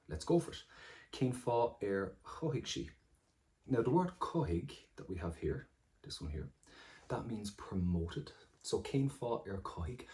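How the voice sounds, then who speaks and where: A man's voice: deep voice, a little mellow. A man with an Irish accent, teaching exam vocabulary and explaining each word in turn in an encouraging way. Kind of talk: exam-prep lesson.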